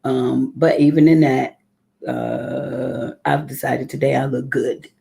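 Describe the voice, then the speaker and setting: A woman's voice: a bass voice, fairly even intonation, takes it slowly, vocal fry, dark tone. A woman leading a live morning devotional, speaking in a heartfelt, conversational way and greeting viewers by name. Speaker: ministry leader.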